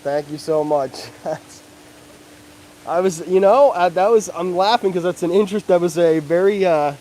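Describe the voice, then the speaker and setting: Excitable man chatting on a livestream. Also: high voice, normal speed, slight background noise, rough recording. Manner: excitable, chatty, talks to the animals. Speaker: livestream vlogger. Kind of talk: casual livestream chat. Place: outdoors at an animal park.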